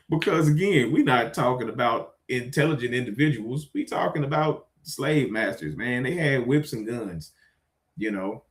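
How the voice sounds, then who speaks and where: A man ranting casually to his viewers, exasperated and swearing, swinging between loud outbursts and low muttering. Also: big pitch swings, unhurried. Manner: conversational, addresses viewers directly. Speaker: vlogger. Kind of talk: casual rant to camera.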